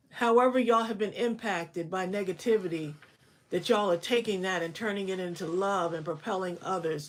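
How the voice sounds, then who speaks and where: A woman co-hosting a live craft stream speaks straight to her viewers. She is encouraging and affirming, in a mid-pitched voice. The chat is casual.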